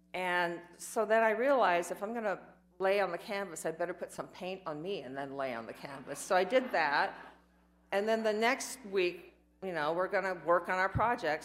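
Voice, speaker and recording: An older woman telling her life story in a candid, rambling way, with self-mocking asides. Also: lowish voice. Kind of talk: personal storytelling talk.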